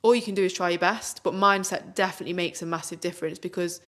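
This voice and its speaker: A woman's voice: lowish voice, steady tone, fast talker. A young woman, co-hosting a podcast in a chatty, upbeat way with many fillers. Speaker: podcast co-host. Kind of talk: casual podcast chat.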